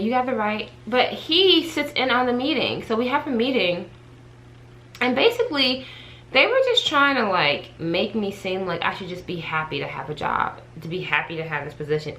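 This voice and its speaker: Bright-voiced woman vlogger telling a story. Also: on the high side, poor audio. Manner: chatty, animated storytelling, speaks directly to viewers. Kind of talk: casual storytime chat to camera.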